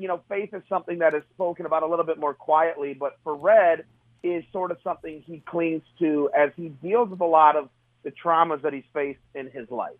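Guest author, middle-aged man, earnest, slightly high voice, over a phone line, dry. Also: dry recording. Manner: earnest, restarts often. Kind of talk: casual interview talk.

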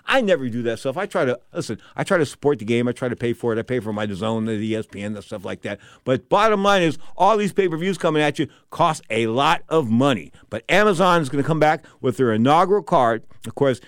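Fast-talking older boxing show host. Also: male voice, on the high side, lively intonation, dry recording, clean studio sound. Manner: rambling, digressive, wisecracking. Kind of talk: casual boxing commentary.

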